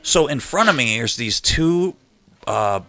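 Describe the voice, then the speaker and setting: A middle-aged man hosting a live chat show, telling a long story in a loose, animated way and acting out the people in it. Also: medium pitch, a little slow. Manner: rambling, animated retelling with quoted voices. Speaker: host.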